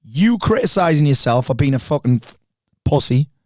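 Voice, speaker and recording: A man, a podcast guest talking bluntly and fast, with lots of swearing. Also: fairly high pitch, animated, darkish tone, dry recording. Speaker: podcast guest, speaker and coach. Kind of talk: candid conversation.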